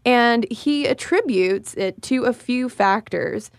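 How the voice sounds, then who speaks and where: A woman's voice: fairly high pitch, slow pace, no echo. Chatty woman co-host, casual podcast delivery, dead-dry studio sound. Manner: chatty, laughs while talking.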